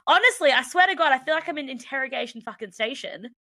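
Australian woman, bright, casual podcast chat. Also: high voice, animated, quick pace, dry recording. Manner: laughs often, swears, acts out quoted people. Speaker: podcast co-host.

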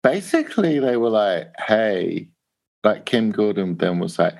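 An English man telling a long anecdote in a casual chat, animated, swearing and acting out what people said. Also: fairly low pitch, moderate pace, gravelly. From England. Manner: animated anecdote, swearing, laughing, acts out quoted voices. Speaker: guest. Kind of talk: casual storytelling.

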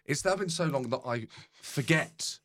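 A man who is a podcast guest, telling a rambling anecdote in casual chat, deadpan and swearing freely. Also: medium pitch, moderate pace. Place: podcast studio.

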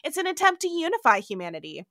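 A pompous, self-assured male tyrant, as a woman loosely quotes him. The voice stays bright and clear, with a slightly high tone and a dry close sound. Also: big pitch swings, fast, no echo, full character voice. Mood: smug. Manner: casual paraphrase, pompous. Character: arrogant grandiose male tyrant.

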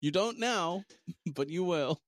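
Playful, lively New man. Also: sits high, slow, dry recording. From New Zealand. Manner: playful, laughing, teasing. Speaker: podcast co-host and game master. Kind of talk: casual chat.

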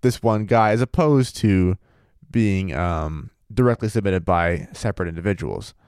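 A man's voice: sits low, expressive, moderate pace, a little mellow, smooth, no room sound, clean studio sound. A man co-hosting a casual podcast, reading a paranormal story aloud and joking around with a loose, profane manner. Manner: laid-back, profane, laughs often. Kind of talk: casual chat with read-aloud passages.

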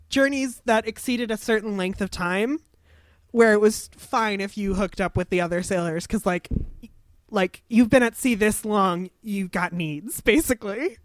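A woman's voice: mid-range voice, dry recording, clean studio sound. A woman chatting as a podcast co-host, telling stories with wry asides. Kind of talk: casual podcast chat.

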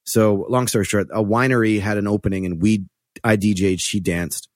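A touring musician in his forties chats casually on a podcast, his fairly low voice moving at a moderate pace. He tells loose, profane, animated stories and slips into other people's voices when quoting them. The recording is studio quality with no room sound.

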